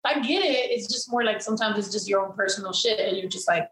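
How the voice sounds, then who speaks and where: A woman's voice: mid-range voice, quick pace, a bit bright, echoey room, a little hiss or hum, rough recording. A woman co-hosting a casual chat, talking candidly with lots of swearing and fillers. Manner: candid, profane, rambling with many fillers.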